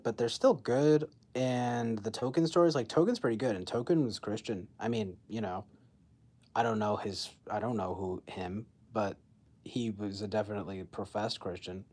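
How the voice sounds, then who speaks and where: Young adult male streamer on a phone mic, mid-pitched, casual and rambling, laughs at his own jokes. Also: darkish tone. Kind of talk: casual livestream chat.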